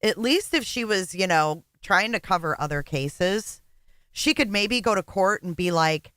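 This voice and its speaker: A woman's voice: medium pitch, expressive, unhurried, fairly bright tone, dry recording, clean studio sound. A woman co-hosting a casual livestream, blunt and exasperated, swearing freely.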